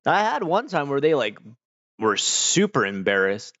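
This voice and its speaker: An Australian man streaming, telling stories in a loose, rambling way, full of "like" and quick restarts. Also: mid-range voice, very animated, sharp tone, lo-fi sound. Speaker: livestreamer. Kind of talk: casual chat.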